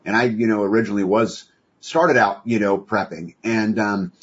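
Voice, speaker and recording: Husky man, earnest and folksy. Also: lowish voice, fairly even intonation, moderate pace. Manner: folksy, many fillers, earnest. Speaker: guest. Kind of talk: conversational interview. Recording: dull lo-fi audio.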